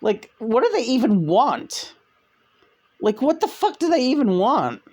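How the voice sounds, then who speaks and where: A woman hosting a casual spiritual chat, talking in a blunt, crude, animated way. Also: a little high, measured pace. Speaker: channel host.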